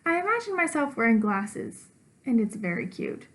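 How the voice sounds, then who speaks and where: A woman teacher reading a children's storybook aloud, with lively character voices and dog woofs. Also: sits high, normal speed, rough recording.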